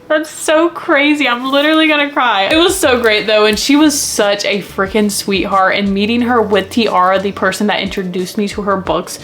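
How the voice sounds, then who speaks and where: Young woman book vlogger, excitable and gushing, casual chat to camera. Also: mid-range voice.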